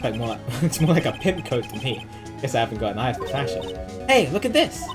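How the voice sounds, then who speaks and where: Woman streamer, low voice, lively, wry asides, game music underneath. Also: fast talker. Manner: wry asides while reading. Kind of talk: game playthrough commentary.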